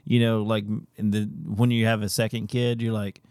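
Gravelly, relaxed man on a dry mic. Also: lowish voice, moderate pace, no echo. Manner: relaxed, joking, laughs easily. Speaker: podcast co-host, father of two. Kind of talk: casual chat.

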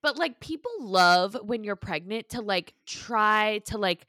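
A woman's voice: mid-range voice, unhurried, no room sound, studio quality. A young woman co-hosting a podcast, telling stories in casual chat, full of "like" and casual swearing. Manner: animated storyteller, lots of "like", swears casually. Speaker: podcast co-host.

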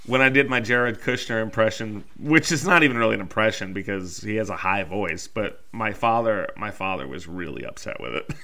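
A man's voice: fairly low pitch, a little fast, vocal fry, hardly any pauses, pushed and bright. A man co-hosting a podcast, reading folklore facts in casual chat and following them with wry jokes. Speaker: podcast co-host.

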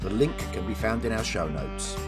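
A man tells a long joke in casual podcast chat, his pitch rising and falling a lot. He is an animated storyteller. Faint music plays underneath. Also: normal speed. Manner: lively storyteller, swings pitch widely. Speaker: podcast co-host.

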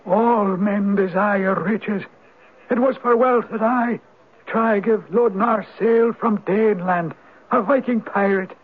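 An actor playing a mysterious old male spirit, a Viking turned Irish, in a 1970s radio drama. He speaks with an Irish accent in a husky, solemn and knowing way. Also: high-pitched, fairly even intonation, slow, full character voice. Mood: wise, teasing. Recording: narrow, tinny old radio broadcast.

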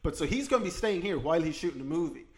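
A man's voice: on the high side, expressive, very fast, a little mellow. A man co-hosting a podcast, chatting casually and comedically, often bursting into mock voices. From Ireland. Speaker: podcast co-host.

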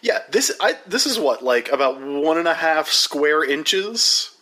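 Excited snack-review guy, highish bright voice, jumps around a lot. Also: measured pace. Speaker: podcast co-host. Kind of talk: casual snack-review chat.

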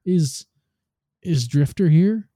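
A smooth-talking robotic ghost who bargains coolly and turns jittery when cornered, as a man reads him. The tone is very dark and mellow, and the recording is dry and close. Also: fairly high pitch, animated, slow pace, no echo, voice pushed up. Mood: scheming. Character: scheming male robotic ghost companion.

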